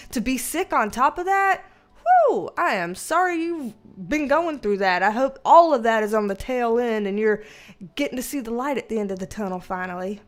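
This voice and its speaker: Chatty woman greeting livestream viewers. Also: a little high. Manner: chatty, greets viewers by name, laughs often. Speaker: livestream host and tarot reader.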